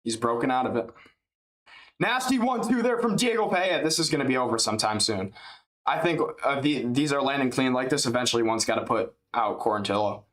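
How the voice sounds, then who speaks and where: Male streamer calling a fight live, loose and chatty, mid-pitched voice, spikes up on big hits. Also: fairly quick. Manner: rambling, chatty, jumps up in excitement at big strikes; drowsy and yawning at times. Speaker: livestream fight commentator. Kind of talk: casual live play-by-play commentary.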